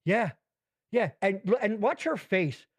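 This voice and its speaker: High-voiced host, profane and incredulous. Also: male voice, unhurried, husky. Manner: profane, incredulous, animated retelling. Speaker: podcast host. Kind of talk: casual chat reacting to clips.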